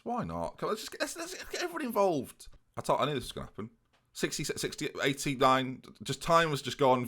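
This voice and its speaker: Man, young, fast playful game commentary, animated pitch, faint music underneath. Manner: playful mock-commentator, addresses "viewers". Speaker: gaming YouTuber.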